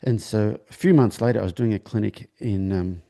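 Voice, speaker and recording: A man, a horse trainer and interview guest, telling a long personal story in conversation with a halting delivery, many restarts and acted-out dialogue. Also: fairly low pitch, mellow.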